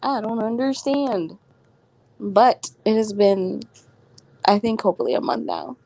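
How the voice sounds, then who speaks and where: A woman's voice: medium pitch, a little slow, gravelly, dark tone, no room sound. A woman vlogging at home, telling a story in slangy casual chat and laughing often as she talks. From Florida.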